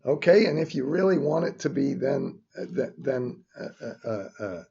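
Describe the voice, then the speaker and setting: A man's voice: mid-range voice, expressive, normal speed, creaky, mellow, breathy edge. An older man teaching a spreadsheet finance lesson, rambling with grumbling asides and frequent restarts. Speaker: finance instructor. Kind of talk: screen-recorded spreadsheet tutorial. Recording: dull lo-fi recording.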